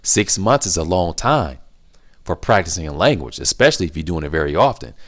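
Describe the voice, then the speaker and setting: A man's voice: deep voice, a little fast. A middle-aged man hosting a casual question-and-answer video, giving emphatic advice that he repeats for stress. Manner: emphatic, repetitive, animated when acting out reactions. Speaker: language-learning channel host.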